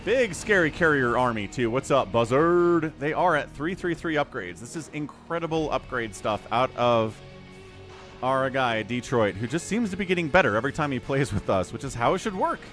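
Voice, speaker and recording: A man's voice: mid-range voice, expressive, normal speed, fairly bright tone, soft background music. A man casting a strategy game on a live stream, chatty, laughing often and greeting viewers. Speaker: game caster.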